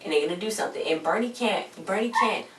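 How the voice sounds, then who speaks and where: A woman's voice: mid-range voice, fast talker. A woman rambling through a casual TV recap with slangy, exasperated asides. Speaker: TV episode reviewer. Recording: roomy echo, distant mic, faint hiss.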